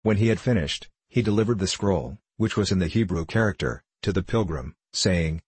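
Deep-voiced man narrating a classic novel. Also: moderate pace, few pauses, husky, dry recording. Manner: steady, formal storytelling. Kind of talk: audiobook reading of a classic novel.

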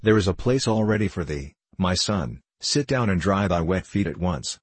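A man voicing a kindly, fatherly gentleman who speaks in a cordial, old-fashioned way. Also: low voice, animated, moderate pace, breathy edge, dry recording.

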